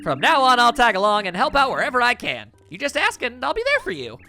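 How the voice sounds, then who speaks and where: A man voicing a spunky, quick-tempered young female bomb creature from a video game, pitching his voice up high. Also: huge pitch swings, gravelly, sharp tone, heavily acted. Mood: eager.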